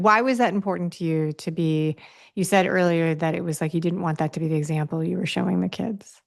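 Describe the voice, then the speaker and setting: A woman with a fairly low voice hosts a podcast interview. She talks casually, thinking aloud and rephrasing her questions as she goes. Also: fairly quick, vocal fry. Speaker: podcast host. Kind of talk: conversational interview.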